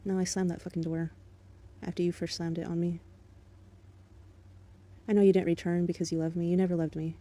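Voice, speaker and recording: Dark, flat-voiced woman venting with contempt. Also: lowish voice, fairly quick, pauses often. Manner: bitter, contemptuous and profane, in a controlled steady voice. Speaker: vlogger. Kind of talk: angry monologue addressed to an ex.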